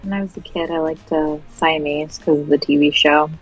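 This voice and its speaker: A woman co-hosting a live stream, chatting casually and telling animated stories. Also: deep voice, moderate pace, highs cut off, soft background music. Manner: animated storyteller who acts out her pets. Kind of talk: casual chat.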